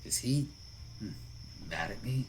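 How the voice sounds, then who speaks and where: A lost young traveler, voiced by a man close to his own low voice, speaks with a light Southern twang. He is halting and polite, feels his way through each sentence, and has a faint hiss of noise behind him. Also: expressive. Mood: unsure.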